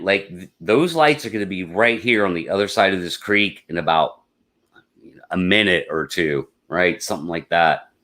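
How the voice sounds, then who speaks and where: A man hosting a live stream, telling a personal story in a casual, rambling way. He gets excitable and repeats his words. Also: on the low side. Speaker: podcast host.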